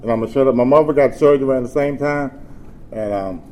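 A man telling his personal story to a meeting, swinging from animated joking to low, subdued talk. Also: fast. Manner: animated and joking early, then low and subdued while telling hard times. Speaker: speaker sharing his story at a recovery meeting. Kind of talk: spoken testimony. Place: meeting room with an audience. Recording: crowd murmur and background noise.

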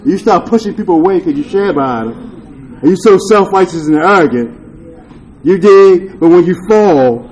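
High-voiced man sharing candid testimony. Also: expressive, moderate pace, a little mellow, low-quality recording. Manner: loose street slang and swearing, often asks "you dig?"; earnest and confessional, with rueful laughs. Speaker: speaker sharing at a recovery meeting.

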